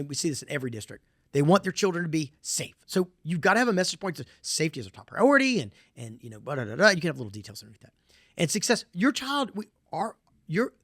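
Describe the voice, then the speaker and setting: Southern US man, middle-aged presenter, fairly high voice, punchy and repetitive, dry close sound. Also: no echo. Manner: emphatic, repetitive, folksy asides. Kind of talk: conference presentation.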